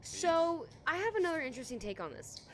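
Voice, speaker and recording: A woman's voice: very high voice, very animated, a little fast, background noise. A young woman co-hosting a podcast, chatting casually and reacting with strong opinions. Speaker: podcast co-host. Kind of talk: casual chat.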